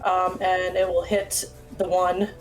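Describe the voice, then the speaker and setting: A woman's voice: fairly low pitch, monotone, slow pace, faint music behind, low-quality recording. A woman playing a tabletop game, hesitant and laughing often, losing her voice. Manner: hesitant, full of fillers and laughs. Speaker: player. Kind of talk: casual tabletop game play.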